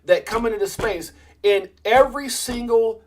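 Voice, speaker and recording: A man with a very high voice runs a casual crypto stream at a moderate pace, and the recording is very noisy. He wanders from point to point, frequently starts over, and talks right to his viewers, whom he calls "guys."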